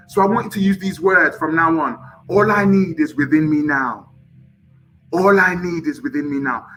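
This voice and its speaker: A male motivational host with a bright, slightly high voice and faint music underneath. He preaches with fervor, jumping between near-shouts and soft whispers. He leads chanted affirmations and presses his listeners to answer back. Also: poor audio. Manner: leads call-and-response, urging viewers to repeat and type. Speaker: motivational live-stream host.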